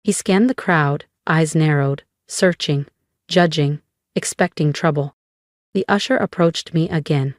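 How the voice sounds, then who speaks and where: A woman narrating a first-person story in a measured, cool manner with dramatic pauses. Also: low-pitched, no echo, clean studio sound.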